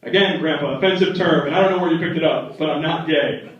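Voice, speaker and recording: A young man performing a stand-up comedy set in a club, telling stories and acting out family members in quick voices. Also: fairly high pitch, recorded from a distance. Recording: echoey, dull club recording from the back.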